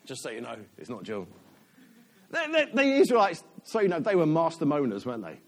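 A man's voice: fairly high pitch, wildly swooping pitch, fairly quick. A man, a church elder, giving a chatty, self-deprecating sermon in a church.

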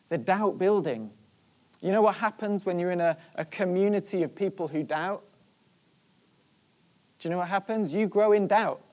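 A preacher in the middle of a sermon, retelling a story with animated energy and a mid-range voice. The talk is driven by rhetorical questions aimed at the listeners. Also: medium pitch.

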